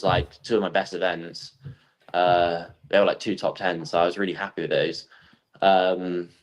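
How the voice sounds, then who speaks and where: Young guy, lowish voice, rambly fun storytelling, lots of um and like. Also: low-quality recording. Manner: animated storytelling, acts out quotes; lots of fillers like um and like. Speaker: guest athlete. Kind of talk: casual podcast chat.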